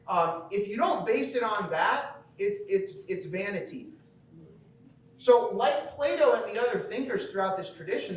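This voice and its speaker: A man's voice: high voice, a little hiss or hum. A man from the American Midwest giving a conversational lecture at a school banquet, often checking in with the audience by asking "okay?". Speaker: teacher. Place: large banquet hall. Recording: echoey hall, from far off.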